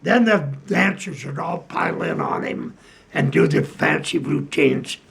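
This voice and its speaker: An older man, a retired piano player, telling old stories slowly with many pauses and fillers. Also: fairly high pitch, huge pitch swings, vocal fry, slight background noise. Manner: slow, halting storytelling with many fillers. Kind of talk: casual anecdote.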